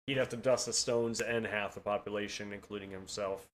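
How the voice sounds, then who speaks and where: A man's voice: fairly low pitch, fairly even intonation, fairly quick. A man co-hosting a casual chat, laid-back and full of questions. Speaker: podcast co-host.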